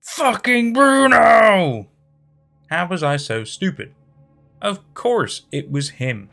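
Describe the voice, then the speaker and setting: A man narrating a horror story in a dramatic, expressive reading. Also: fairly high pitch, slow pace, gravelly. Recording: faint background music.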